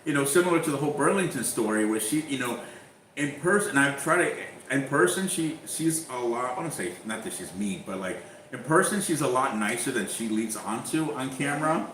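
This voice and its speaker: A man telling a story in casual chat, animated, acting out the back-and-forth. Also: mid-range voice, fairly quick, slight background noise. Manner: animated storyteller, acts out exchanges. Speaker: YouTuber guest. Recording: echoey room, faint ambience.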